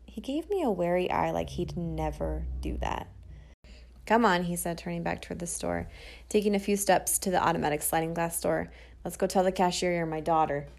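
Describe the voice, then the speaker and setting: A woman telling a personal story about her brother, playful and lively, acting out the dialogue. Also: on the low side, normal speed, vocal fry.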